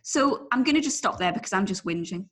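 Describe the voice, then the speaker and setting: A woman in her thirties from England, co-hosting a podcast in casual chat, self-deprecating and quick to laugh. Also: medium pitch, animated, breathy edge. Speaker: podcast co-host.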